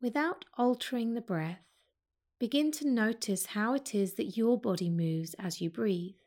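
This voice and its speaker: Calm woman guiding a breath meditation. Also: on the high side. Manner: slow, calm and soothing. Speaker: yoga teacher.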